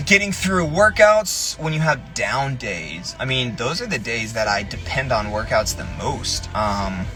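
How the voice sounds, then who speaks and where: A man's voice: medium pitch, lightly acted. An actor playing a young male fitness influencer giving casual, earnest advice with lots of fillers during a live video chat. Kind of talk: live video chat, answering viewer questions.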